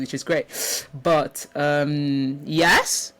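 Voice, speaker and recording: Female self-help speaker, unhurried rambling delivery, faint room hum. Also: extremely low pitch, darkish tone. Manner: rambling, reflective, with restarts and frequent ums. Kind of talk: casual spiritual talk. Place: indoor room.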